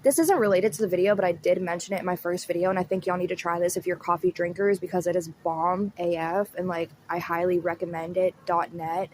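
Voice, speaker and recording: A woman's voice: fairly low pitch, steady tone, fast talker, few pauses, darkish tone, a little hiss or hum. Giggly chatty woman commentator. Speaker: commentary YouTuber. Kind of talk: casual reaction commentary.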